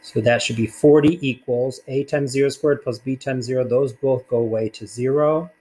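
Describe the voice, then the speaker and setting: A man's voice: medium pitch, steady tone, normal speed, warm tone, low-quality recording. A man teaching a recorded math lesson, talking casually through worked problems with fillers along the way.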